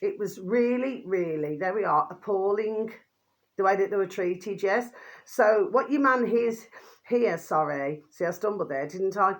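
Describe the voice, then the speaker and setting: Woman, rambling vlog commentary, lots of fillers and tag questions, quick low pet-name asides. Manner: drops pet phrase "my delicious babies" in a quick low aside. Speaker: vlogger commenting on videos.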